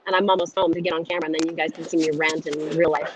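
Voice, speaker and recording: A woman's voice: sits low, little pitch movement, racing, a little hiss or hum, low-quality recording. A woman ranting bluntly and profanely in casual live chat, jittery from coffee while on her way home. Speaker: call-in panelist. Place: on the move, heading home.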